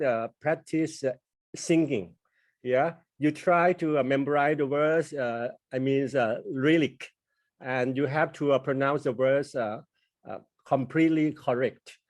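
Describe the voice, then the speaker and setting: Thai guy in an english class, lots of uh's, slow careful english, mid pitch. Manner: hesitant, many fillers and restarts while forming ideas. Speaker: student. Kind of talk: question in online class.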